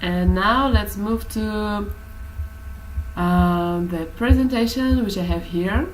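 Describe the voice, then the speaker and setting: Slow, hesitant woman teaching a class. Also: medium pitch, a little hiss or hum, low-quality recording. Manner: hesitant, many fillers. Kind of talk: classroom lesson explanation.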